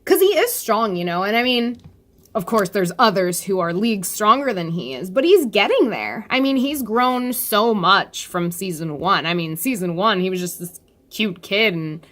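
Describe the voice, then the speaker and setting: A woman in a casual, animated chat, reading and reacting to a comic chapter, laughing often and swearing casually. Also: medium pitch, normal speed. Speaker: webcomic chapter reviewer.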